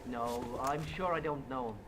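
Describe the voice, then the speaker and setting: A man's voice: medium pitch, normal speed, a bit bright, close to an everyday voice. An actor with an Irish accent playing a nervous, hesitant young red-haired man in an adventure game. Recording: noisy captured game audio.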